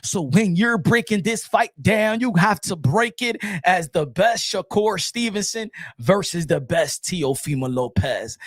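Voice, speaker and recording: A man hosting a boxing talk show, ranting fast and loud in a sing-song way, then dropping to a hushed mock-calm. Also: fairly high pitch, no room sound, studio quality.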